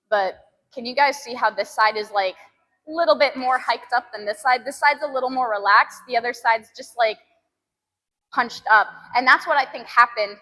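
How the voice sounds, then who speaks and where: A woman in her twenties chats casually with her live viewers from the gym. She laughs often and groans at her sore muscles. Her voice is high and bright, with a long echo from the big room. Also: moderate pace. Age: 20s. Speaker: fitness streamer.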